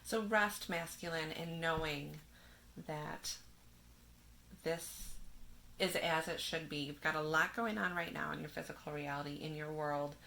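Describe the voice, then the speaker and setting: Bright gravelly woman reading tarot. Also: low voice, a little slow, slight background noise. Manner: gentle, reads card verses aloud, frequent soft laughs. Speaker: tarot reader.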